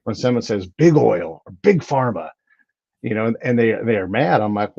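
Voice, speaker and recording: A husky man hosts a podcast with a chatty, animated manner, his voice sitting a little low. The sound is somewhat dull and dry. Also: moderate pace, dry recording. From United States. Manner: animated storyteller, chatty with frequent restarts. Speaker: podcast host. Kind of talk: casual interview chat.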